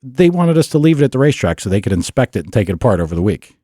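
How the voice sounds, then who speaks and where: A man telling a racing story in a casual podcast chat, animated and laughing often, acting out what people said. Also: mid-range voice, rapid-fire. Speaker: podcast co-host.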